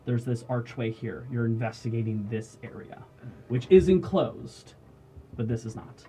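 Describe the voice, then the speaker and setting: A man's voice: mid-range voice, expressive, measured pace, dark tone. A man running a tabletop game as game master, narrating scenes and often laughing at the table. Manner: laughs often, apologetic asides.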